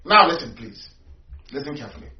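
A man's voice: a little high, sing-song, fast talker. A man hosting impassioned political talk, fiery and rhetorical, repeating his points for emphasis. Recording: echoey, distant, dull with faint hiss.

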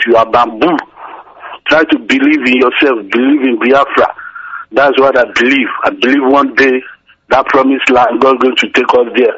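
A man's voice: mid-range voice, a bit bright, breathy edge, no room sound. Nigerian man calling in, impassioned. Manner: impassioned, halting, plain-spoken. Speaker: caller. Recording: muffled dry phone call.

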